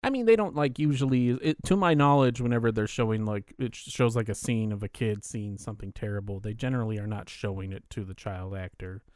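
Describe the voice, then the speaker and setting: A man's voice: fairly low pitch, a little fast, few pauses, a little mellow, no echo, studio quality. A young man co-hosting a casual movie chat, rambling with lots of fillers and casual swearing. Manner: rambling, filler-heavy, swears and laughs along. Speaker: podcast co-host.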